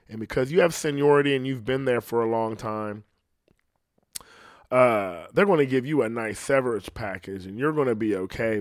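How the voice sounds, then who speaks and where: A man's voice: medium pitch, no echo, studio quality. A man with a slight lisp, hosting his own podcast in a casual, rambling solo monologue full of swearing. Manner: profane, rambling rant. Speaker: podcast host.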